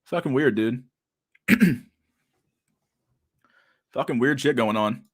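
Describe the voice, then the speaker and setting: A man's voice: mid-range voice, slow, breathy edge. Profane, sarcastic young man streaming. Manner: profane, slangy, laughing, sarcastic. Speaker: livestream host. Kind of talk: casual livestream chat.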